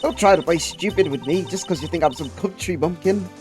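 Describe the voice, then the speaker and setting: A man's voice: high-pitched, a little fast, darkish tone, faint music behind, close to an everyday voice. A man putting on a brash Southern drawl to voice a bossy, middle-aged woman photographer in a video game playthrough. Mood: scolding. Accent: put-on American Southern drawl. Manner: bossy, scolding, folksy.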